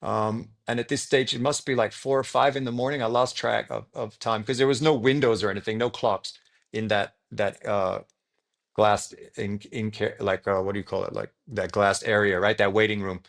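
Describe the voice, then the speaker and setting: A man's voice: on the low side, steady tone, moderate pace, vocal fry. A young Australian man, a podcast guest, telling his story in a loose, rambling way full of likes and ums. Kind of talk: casual storytelling in an interview.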